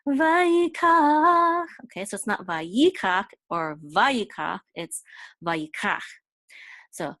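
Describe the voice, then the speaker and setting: A woman teaching Torah chanting in an informal lesson, explaining patiently and breaking into short sung examples. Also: no room sound. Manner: explains slowly, then sings chanted examples higher and louder.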